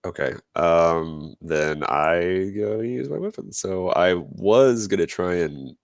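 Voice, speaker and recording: A man's voice: deep voice, expressive, slow pace, dry recording. A man playing a tabletop game, joking around and hesitating as he decides his moves. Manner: joking, hesitant, restarts often. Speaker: player. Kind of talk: casual tabletop play.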